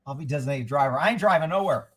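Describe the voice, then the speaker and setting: A man's voice: a little high, rapid-fire, a bit bright, husky, low-quality recording. A man hosting a casual livestream and ranting in a folksy, profane, rambling way. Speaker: livestream host. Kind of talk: casual political rant.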